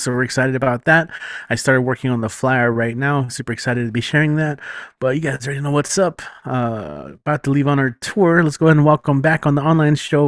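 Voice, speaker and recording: A man hosting an online open mic, relaxed and chatty, with lots of fillers. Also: medium pitch, dry recording, clean studio sound. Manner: laid-back, lots of fillers and "you know what I'm saying". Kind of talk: casual chat. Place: home, online video call.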